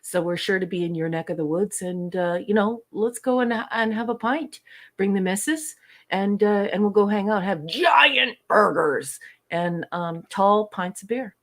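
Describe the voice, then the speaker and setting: A woman's voice: medium pitch, unhurried. Playful, affectionate woman reading the chat. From western Canada. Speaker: co-host of a live fan show. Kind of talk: casual live-stream chat.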